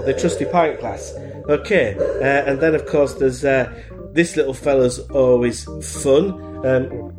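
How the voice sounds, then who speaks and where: A man with a Humber English accent chats in a rambling, self-mocking way, his voice stuffy from hay fever. His pitch sits in the middle, and music plays clearly behind him. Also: unhurried. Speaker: podcast contributor. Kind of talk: casual chat.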